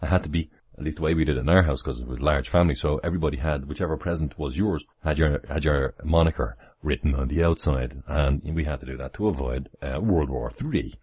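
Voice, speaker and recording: A man's voice: very deep voice, fast, few pauses, a little mellow, husky. A man, chatting casually on a livestream from home with many chuckles and rambling asides. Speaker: livestream host. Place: home, near the kitchen.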